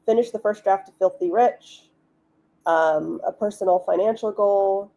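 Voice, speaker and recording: Casual female streamer, mellow warm tone, mid pitch, chatty and giggly. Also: a little slow, creaky. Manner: chatty, giggly, many "like" fillers. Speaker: livestream host, author. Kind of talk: casual live-stream chat.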